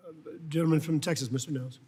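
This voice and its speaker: A man runs a committee markup at a brisk clip, in a slightly high voice. He calls on members in a procedural way and drifts into casual asides. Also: steady tone, dark tone, breathy edge. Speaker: committee chairman. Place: large hearing room.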